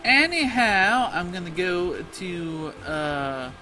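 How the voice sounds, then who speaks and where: A man's voice: on the high side, unhurried, fairly bright tone, rough recording. A man giving casual let's play commentary, sarcastic and profane, with muttered asides. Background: music.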